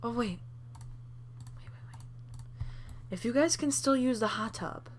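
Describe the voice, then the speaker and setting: A young woman hosting a Let's Play, reacting with excited laughs and swearing as she plays. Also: on the high side, unhurried, slight background noise. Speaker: gaming channel host.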